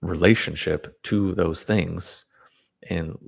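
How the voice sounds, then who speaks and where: A man's voice: sits low, fairly even intonation, slow pace, creaky. A man talking as a self-development teacher in a casual monologue, blunt and opinionated, rambling with restarts and short chuckles.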